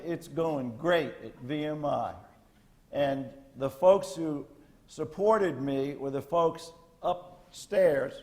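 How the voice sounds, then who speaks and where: A man's voice: on the high side, a little mellow. An older man, a retired Marine general, giving a lecture to cadets in a blunt, folksy military manner with salty asides.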